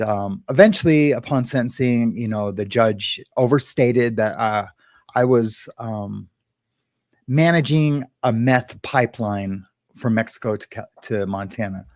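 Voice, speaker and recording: A man chats on his livestream, rambling with lots of pauses and fillers as he greets viewers one by one. His voice sits at an ordinary middle pitch, and the sound is close and dry with no room echo. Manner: rambling, filler-heavy, warmly greeting chat by name. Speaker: livestream host.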